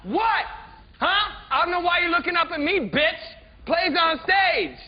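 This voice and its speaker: A man playing a foul-mouthed president who shouts and heckles during a play, in a muffled archival comedy recording. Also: very high voice, expressive, unhurried. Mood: insulting. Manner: shouting, profane, belligerent.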